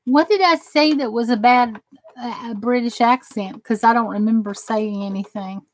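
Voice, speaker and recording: Speaking at a normal speed in a fairly high pitch, this American South host chats casually with viewers and reads their messages aloud while demonstrating her die-cutting machine. There's a little hiss or hum, and the audio is poor.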